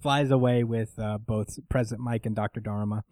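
A man co-hosting a casual manga chat, talking in an animated way, swearing often and acting out characters' lines. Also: on the low side, normal speed, no room sound. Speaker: podcast co-host recapping manga.

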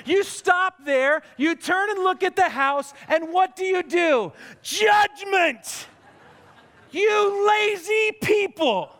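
High-voiced pastor preaching in a hall. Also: male voice. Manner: animated storytelling with comic outbursts. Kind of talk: sermon. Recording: long reverb of a large hall.

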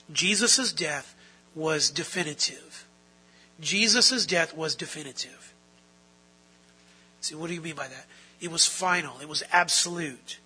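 A male pastor delivers an emphatic sermon, repeating his key phrases for weight. His voice sits high and sounds forceful and sharp, with a husky edge. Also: low-quality recording.

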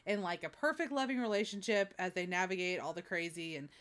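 A woman's voice: lowish voice, fast, a bit bright, clean tone. A woman co-hosting a podcast in casual chat, self-mocking and chatty, often laughing. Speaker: podcast co-host.

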